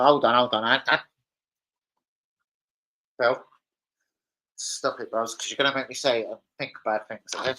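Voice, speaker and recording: A man's voice: medium pitch, steady tone, unhurried, long pauses, bright, forceful tone, poor audio. A man hosting a casual fan live stream, crude and rowdy, joking with his chat. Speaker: fan channel host. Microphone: streaming setup.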